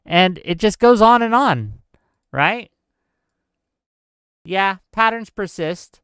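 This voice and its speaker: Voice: medium pitch, lively intonation, slow, pauses often, fairly bright tone, smooth, no echo, studio quality. A live-stream show host giving incredulous, exasperated commentary, laughing in disbelief and reading out viewer chat. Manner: exasperated, many filler "okay?" tags.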